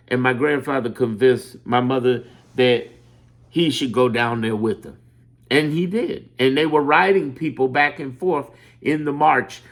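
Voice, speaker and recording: A man from Chicago talking in a loose, animated monologue, rambling, swearing and laughing as he tells stories. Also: medium pitch. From Chicago, USA. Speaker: political commentator. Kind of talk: casual monologue.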